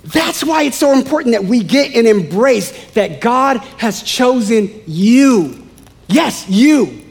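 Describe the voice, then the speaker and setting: A man with a strikingly high voice preaches to his congregation. He talks in a conversational, animated way and slips in playful asides between points. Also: slow, vocal fry, slightly rough. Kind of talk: sermon.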